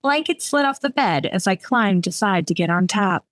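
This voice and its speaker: Lively woman reading her novel. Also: medium pitch, moderate pace, no echo. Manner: lively, expressive first-person narration. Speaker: author.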